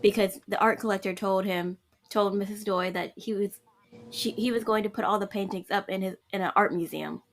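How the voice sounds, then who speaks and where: A woman co-hosting a casual podcast chat, recapping a story game and acting out the characters in quick asides. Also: mid-range voice, a little hiss or hum. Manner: animated, mimics characters in quick asides, laughs often.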